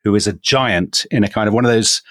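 English man, podcast co-host, lowish voice, enthusiastic storytelling, dry studio sound. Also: fairly quick, a bit bright, dry recording. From England. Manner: enthusiastic storytelling, chuckles often, addresses co-host by name. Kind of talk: casual history podcast chat.

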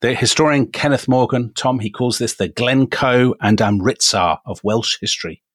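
At a normal speed and medium pitch, a man from England narrates history on a casual podcast, his voice a bit bright. Enthusiastic and quick to chuckle, he speaks to his co-host by name. It's a clean studio recording with no room sound.

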